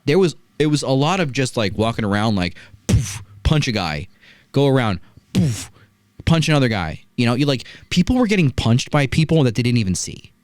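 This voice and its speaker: A man's voice: mid-range voice, fast, hardly any pauses, dry recording. A man hosting a casual wrestling review, telling stories with lots of "right?" asides. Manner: animated storytelling, rhetorical "right?" asides. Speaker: wrestling podcast host.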